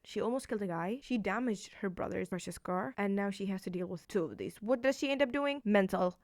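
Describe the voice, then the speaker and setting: A woman's voice: medium pitch, brisk, no echo, studio quality. Chatty woman rambling about books. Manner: chatty and rambling, heavy use of "like"; excitable, jumps between topics. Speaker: book reviewer. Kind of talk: casual book review vlog. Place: indoors at home.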